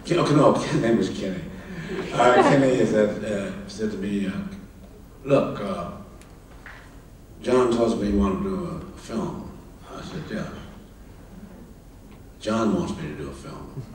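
Low-voiced older man telling stories in an echoey hall. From Kansas. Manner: halting, repeats words, acts out the other people in his dialogue. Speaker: film director and author, guest speaker. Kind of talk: anecdotal storytelling on stage. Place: large hall at a public event. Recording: echoey hall, distant mic, faint noise.

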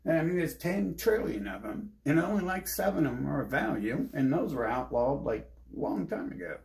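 Male streamer, gravelly voice, swings up and down in pitch, swears constantly, rambles restlessly. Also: expressive, moderate pace, darkish tone. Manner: heavy swearing, restless, jumps between topics. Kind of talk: agitated rambling monologue.

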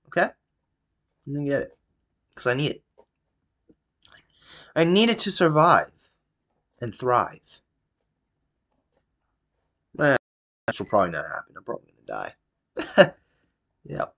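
Excitable man yelling through a let's-play. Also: medium pitch, measured pace, pauses often. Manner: excitable, yelling at the game character between mumbled asides; jokey self-talk with wordplay. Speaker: gameplay commentator. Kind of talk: casual let's-play commentary.

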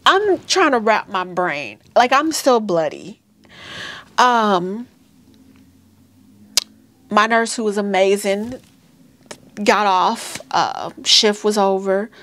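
A woman in her thirties tells her own painful story to her viewers, halting and emotional, calling them y'all. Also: medium pitch, animated, a bit bright. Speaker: vlogger sharing a birth story. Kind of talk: personal storytelling to camera.

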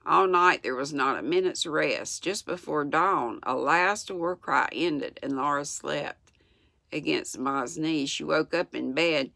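A woman in her sixties with a Southern US accent, reading a children's book aloud in a gentle, unhurried way with small slips. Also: low voice, gravelly, no echo, clean studio sound. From United States. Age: 60s. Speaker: channel host reading aloud. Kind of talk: storybook read-aloud.

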